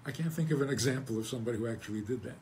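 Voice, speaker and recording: Wry rabbi giving a chuckling talk. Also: male voice, mid-range voice, very fast, a little mellow, a little hiss or hum. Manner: chuckling, rhetorical questions, wry humor. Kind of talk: conversational Torah talk.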